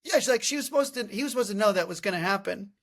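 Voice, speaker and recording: A man in his thirties hosting a podcast, telling comic stories in a casual, animated way and often laughing. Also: sits high, racing. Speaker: podcast host. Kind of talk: casual comedic storytelling.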